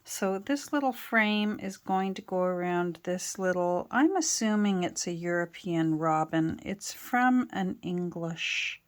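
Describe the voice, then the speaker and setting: A woman's voice: lowish voice, slow, hardly any pauses, clean tone. A middle-aged woman from Canada chatting casually with lots of fillers and restarts while she works on a craft project in her home studio. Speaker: craft vlogger.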